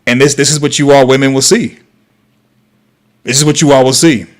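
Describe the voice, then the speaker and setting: A man's voice: medium pitch, steady tone, fairly quick. Sarcastic man hosting a live commentary stream. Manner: sarcastic, mocking, lecturing. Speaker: host. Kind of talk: livestream commentary.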